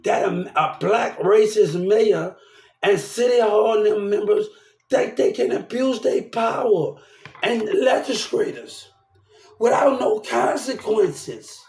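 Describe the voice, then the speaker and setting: Heated young man with a high voice. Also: expressive, slow pace, darkish tone, roomy sound. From New Orleans, Louisiana. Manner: rambling, heated, swears often. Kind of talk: casual ranting monologue.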